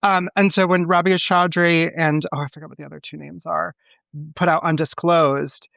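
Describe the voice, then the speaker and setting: A man's voice: a little high, level tone, moderate pace, creaky, a bit bright, dry recording. A man co-hosting a podcast in casual chat, ranting bluntly and swearing often. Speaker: podcast co-host; teacher.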